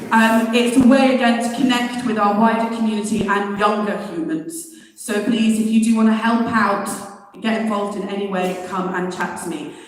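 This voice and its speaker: A woman's voice: medium pitch, slight background noise. A woman organizer giving chatty announcements with laughing asides at a community meeting. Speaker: festival organizer and presenter. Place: large hall at a public meeting. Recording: echoey hall from far.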